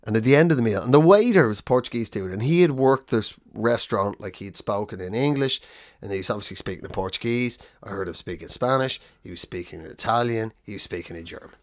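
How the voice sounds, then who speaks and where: A male comedy podcast co-host with an animated, expressive voice that rises and falls a lot. He tells anecdotes loosely and casually, slipping into the characters he describes. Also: fairly low pitch, quick pace. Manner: animated storyteller who acts out the people in his stories.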